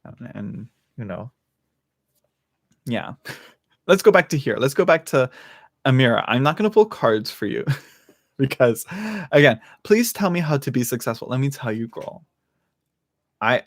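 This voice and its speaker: A man's voice: medium pitch, very animated, normal speed, pauses often, dry recording, studio quality. A man hosting a live tarot reading stream, talking casually, laughing often and restarting his sentences. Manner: chatty, laughs often, many fillers and restarts.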